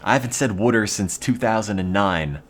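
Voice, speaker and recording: A man's voice: lowish voice, moderate pace. A young American man with an East Coast accent, rambling in a dry, mock-serious way while streaming a game. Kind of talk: casual gaming stream chat.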